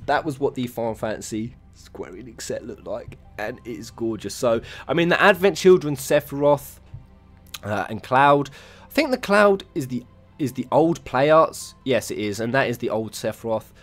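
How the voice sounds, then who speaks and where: A young man, chatting excitedly and swearing freely as he shows off his collection at home. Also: medium pitch, moderate pace, faint music behind. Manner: swears freely, stumbles over words when excited. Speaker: vlogger showing his figure collection. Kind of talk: excited casual vlog. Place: home room with shelves.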